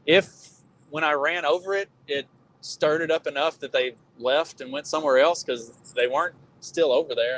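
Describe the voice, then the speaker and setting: A middle-aged man on a podcast, telling stories in casual chat, animated and swearing freely. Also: medium pitch, a little hiss or hum, low-quality recording. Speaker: podcast co-host.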